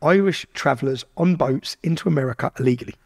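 A man's voice: on the high side, fast, creaky, breathy edge. A man from England, a podcast guest telling a story casually, with lots of swearing and quoted dialogue. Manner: heavy swearing, animated retelling with quoted dialogue.

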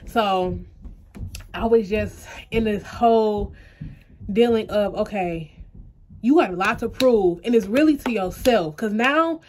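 A young woman speaks unhurriedly in a medium-pitched voice, vlogging straight to her viewers. Earnest and close to tears, her eyes puffy, she shares something emotional and personal to camera.

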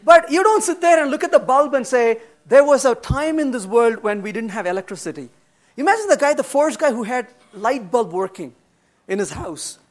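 A middle-aged man lecturing at a developer conference, blunt and animated, answering audience questions with humor. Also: very high-pitched, normal speed. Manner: acts out quoted dialogue in changed voices. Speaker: conference speaker. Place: conference room.

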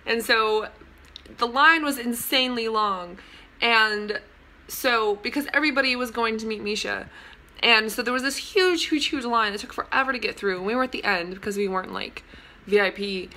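A young woman telling a story to camera in a casual vlog, gushing and excitable, with lots of "like" and "oh my god". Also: fairly high pitch, moderate pace. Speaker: vlogger.

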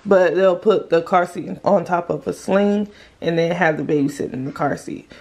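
A woman's voice: on the low side, moderate pace, vocal fry, a little mellow. A young woman vlogging casually as a mom, chatting and explaining hands-on as she demonstrates a stroller at home. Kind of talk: casual demo vlog.

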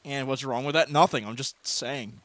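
A young man chatting casually while streaming a game, playful and breaking into loud teasing shouts. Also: mid-range voice, moderate pace. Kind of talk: casual gaming chat.

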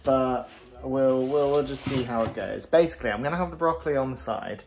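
A man's voice: mid-range voice, a little fast, vocal fry, a little mellow, slight background noise. A man chatting casually and cheerfully through a cooking vlog, poking fun at himself. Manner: chatty, upbeat, self-deprecating. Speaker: vlogger.

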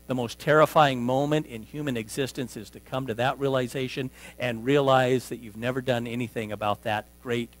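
A man preaching a sermon as pastor, emphatic on key words and trailing off softly at phrase ends, often restating himself as he teaches. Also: mid-range voice, rough recording. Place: church sanctuary. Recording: dry sound with mains hum.

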